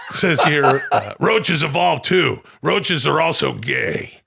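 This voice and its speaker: A gravelly, sharp-edged middle-aged conspiracy radio host in full rant, as a comedian puts him on. His pitch leaps around wildly as he barrels through absurd claims. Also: animated, slow, heavily acted. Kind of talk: comedic impression.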